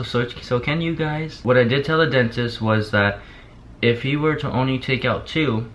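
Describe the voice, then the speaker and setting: A man's voice: on the low side, a bit bright. Groggy young man talking through a sore jaw. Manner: rambling, repeats himself, lots of "like". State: drowsy on pain medicine, barely opening mouth. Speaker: vlogger. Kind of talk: casual chat to camera. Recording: dull lo-fi sound with faint hiss.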